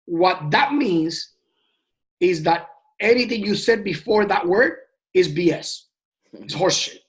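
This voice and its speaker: A man with a high-pitched voice leads a sales training session. He talks casually and with passion, stressing his points and often stumbling over repeated words as he restarts sentences. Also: animated, a little slow. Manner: passionate and emphatic.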